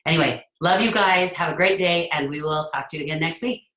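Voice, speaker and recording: A middle-aged woman coaching her listeners in an earnest, casual way, her voice sitting very low for a woman. She is recorded in an echoey room. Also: fast talker, a bit bright. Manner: earnest, acts out parents' voices. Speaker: host, leadership coach. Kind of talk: casual talk to an audience.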